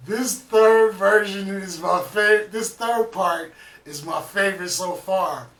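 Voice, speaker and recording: A man's voice: sits high, a little slow, distant mic, soft background music. A man hosting a reaction video, chatting casually about the clip he just watched. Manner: relaxed, chatty, repeats himself. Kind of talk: casual commentary. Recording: echoey room, off-mic.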